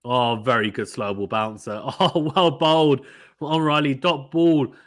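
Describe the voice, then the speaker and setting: A man from the United Kingdom hosts a casual cricket watchalong at a mid-range pitch. He chats easily, reads out viewers' comments, and his voice lifts when a big shot is played. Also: measured pace. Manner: chatty, reads viewer comments aloud, gets excited at big shots. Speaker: host reading live chat.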